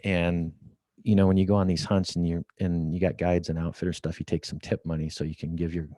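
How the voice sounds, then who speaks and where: Middle-aged guy with a real low voice, tells stories on a podcast, acts out the back-and-forth, dry close sound. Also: brisk, dry recording. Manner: lively storyteller, acts out quoted dialogue. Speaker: guest. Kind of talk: storytelling in a podcast interview. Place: office at company headquarters.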